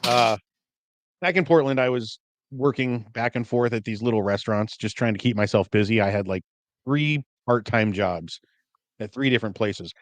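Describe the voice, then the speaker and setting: A man on a podcast telling a story in casual chat, relaxed and dry, with many fillers. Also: medium pitch, normal speed, no echo. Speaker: podcast co-host.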